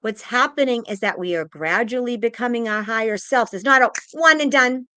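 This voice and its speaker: A woman's voice: fairly high pitch, fairly quick, bright, forceful tone, smooth, dry recording. A woman psychic giving an impassioned spiritual pep talk, emphatic and repetitive, audibly emotional and close to tears. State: tearful, emotional.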